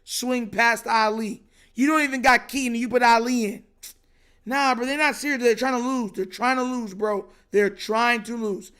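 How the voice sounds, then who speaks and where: A man's voice: extremely high pitch, steady tone, normal speed, sharp tone, smooth. A young man hosting a livestream, ranting in frustration about a football game, slangy and repetitive. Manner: frustrated, repetitive, slangy, says bro constantly. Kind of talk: casual livestream rant.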